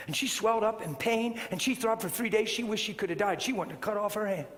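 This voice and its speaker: A man's voice: high-pitched, quick pace, fairly bright tone. A man voicing a worried young woman who pleads anxiously in run-on sentences. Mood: pleading. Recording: long hall reverb, faint noise.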